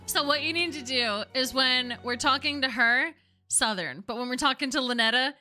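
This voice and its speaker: A woman's voice: high voice, fairly quick, pushed and bright, faint music behind. A woman streamer chatting casually about a game in a playful, giggly manner.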